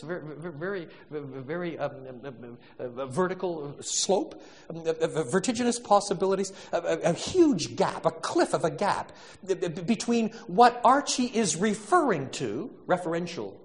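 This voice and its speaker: Lively, chatty male lecturer. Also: high-pitched, big-room sound. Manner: animated, rising to laughing emphasis; hesitant restarts and stammers. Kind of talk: storytelling lecture.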